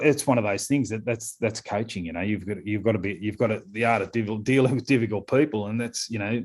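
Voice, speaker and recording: A middle-aged Australian man, a scrum coach talking in a casual podcast interview, rambling with lots of fillers and repeated words. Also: on the low side.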